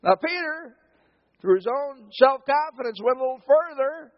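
A man's voice: very high voice, animated, moderate pace, muffled recording. A man preaching a sermon as a pastor, telling the story dramatically and acting out the quotes.

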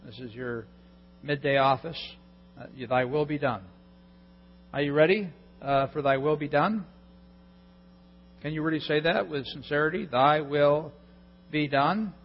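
A male pastor preaching a sermon in an animated way, acting out people's prayers with a mocking edge. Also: fairly high pitch, measured pace, pauses often. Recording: lo-fi recording in a reverberant hall with mains hum.

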